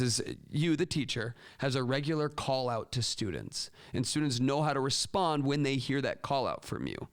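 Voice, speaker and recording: A man hosting a casual advice talk for teachers, lively and animated, acting out classroom call-outs with big jumps in pitch. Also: smooth. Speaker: podcast host and teacher educator.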